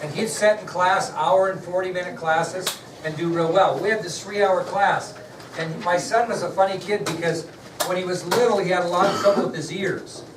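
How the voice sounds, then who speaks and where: Middle-aged guy teaching class, kinda high voice, chatting with students, sounds far from the mic, noisy. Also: steady tone, moderate pace, reverberant. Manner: chatty, addresses students directly. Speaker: history teacher. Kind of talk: classroom lecture with a personal story.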